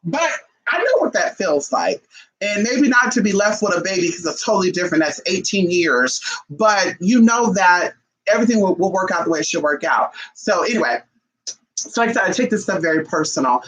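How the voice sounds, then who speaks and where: A woman vlogger telling a story to her viewers in a casual, animated and profane way, calling them "y'all". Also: on the low side, fairly quick, rough recording.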